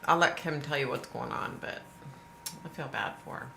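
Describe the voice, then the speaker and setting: A woman's voice: very deep voice, normal speed, vocal fry, bright, forceful tone. A middle-aged woman, hosting a casual livestream and chatting sympathetically with viewers she greets by name. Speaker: livestream host. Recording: echoey room with faint noise.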